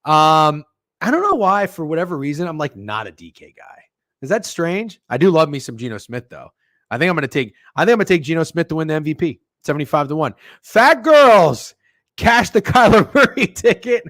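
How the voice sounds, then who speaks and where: A man hosting a sports betting stream who rambles, swears and jokes while reading chat messages. His voice sits a little high and he talks right into a close mic in a dry, dead room. A sore throat and a cough rough up his speech. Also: animated, fast talker, no room sound. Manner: rambling, profane and joking, with sudden loud outbursts. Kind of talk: casual livestream chat reading viewer messages. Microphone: close studio microphone.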